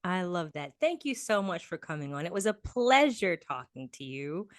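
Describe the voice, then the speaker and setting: Woman host, gushing and chatty with lots of restarts, lowish voice, dry sound. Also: big pitch swings, moderate pace, dry recording. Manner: effusive, repeats praise, many restarts. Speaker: podcast host interviewing a guest. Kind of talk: casual interview chat.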